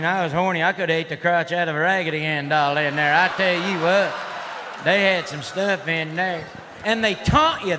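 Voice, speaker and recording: A man performing a stand-up routine in a rowdy redneck persona, drawling and shouting. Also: high voice. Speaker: stand-up comedian. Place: live comedy stage. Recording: live hall recording with crowd noise. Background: audience laughter and noise.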